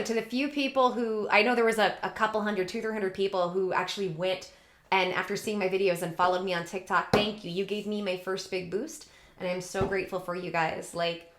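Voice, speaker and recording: A woman's voice: medium pitch, background noise. Chatty woman vlogging in an echoey room. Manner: chatty, rambling, animated. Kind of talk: casual vlog talk to camera.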